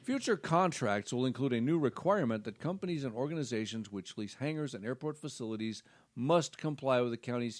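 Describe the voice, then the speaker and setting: A man's voice: mid-range voice, expressive, brisk. A man co-hosting a casual talk show, reading news items aloud with sarcastic asides. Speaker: co-host.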